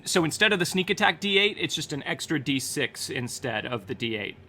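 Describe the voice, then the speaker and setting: A man at a tabletop game, explaining the rules in a lively, casual way. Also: fairly high pitch, brisk, a little hiss or hum. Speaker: player.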